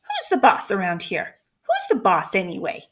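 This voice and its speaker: A woman voicing a cross, rude female parrot who yells bossy remarks, reading a children's storybook aloud. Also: medium pitch, huge pitch swings, normal speed. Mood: bossy yelling.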